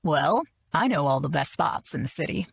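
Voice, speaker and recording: A woman's voice: deep voice, animated, moderate pace, creaky, slightly rough, no echo, heavily acted. Woman putting on a smarmy, pushy party flirt. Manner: smarmy, overfamiliar.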